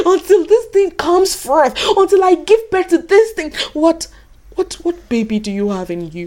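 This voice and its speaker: A woman preaching a sermon in an animated way, swinging from soft asides to high cries and acting out the voices in her stories. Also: a little slow. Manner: acts out quoted voices in her teaching.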